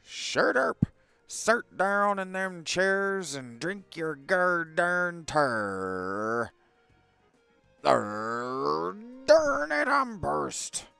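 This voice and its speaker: A man voicing a gruff, cranky old rocket captain who shouts and mumbles his words as if around a cigar. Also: on the high side, sing-song, extremely slow, dry recording, soft background music, pitched above the performer's own voice, full character voice. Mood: bossy. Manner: loud, bossy, cursing.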